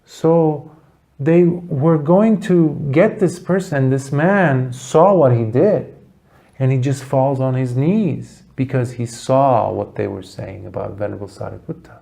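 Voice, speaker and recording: A man giving a Buddhist dharma talk, telling a story earnestly with dramatic pauses. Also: mid-range voice, gravelly, dark tone. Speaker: Buddhist teacher.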